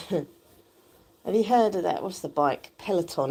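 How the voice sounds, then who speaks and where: Woman, low voice, husky, croaky, chatty livestream, exercise bike, phone mic. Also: lively intonation, measured pace, a little mellow. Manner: chatty, rambling, laughs often while pedaling. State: croaky, just woken up. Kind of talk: casual livestream chat. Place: home, indoors, on an exercise bike. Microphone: phone held close.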